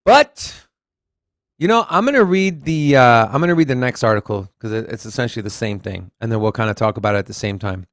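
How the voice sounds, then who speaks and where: A man's voice: medium pitch, a little fast, no echo. Texan male co-host, Southern accent, dry close sound, reads headlines aloud and riffs on them. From Texas. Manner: animated, reads articles aloud, swears casually. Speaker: podcast co-host. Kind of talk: casual crypto news chat.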